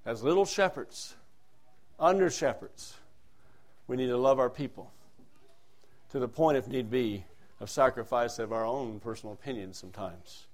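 A male preacher giving a sermon. He drops to soft, quiet asides, then rises to loud, emphatic lines, and reads scripture in a raised, declaiming voice. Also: medium pitch, moderate pace, pauses often.

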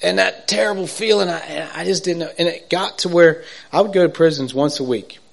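An earnest man with a slightly high voice tells his own faith story. He rambles and restarts, checks in with his listeners, and moves between soft, hushed passages and loud, excited bursts. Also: brisk, vocal fry. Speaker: speaker giving a personal faith testimony. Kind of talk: personal testimony storytelling.

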